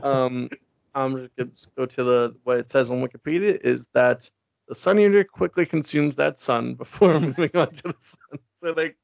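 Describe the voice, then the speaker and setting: A man's voice: medium pitch, normal speed, creaky, a little mellow, dry recording. A man chatting casually about a comic book, rambling and laughing as he acts out the characters' lines. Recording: dull lo-fi sound, dry.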